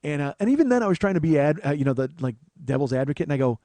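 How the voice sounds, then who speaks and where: A man's voice: on the high side, big pitch swings, very fast, dark tone, dry recording. A man in his forties hosting a comedy podcast, telling a rambling, profane story that bursts into rants. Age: 40s. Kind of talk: storytelling monologue.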